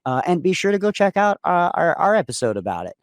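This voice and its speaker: A man's voice: sits high, big pitch swings, quick pace, no echo, clean studio sound. Rambling male podcast co-host. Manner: rambling, restarts often. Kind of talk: casual podcast chat.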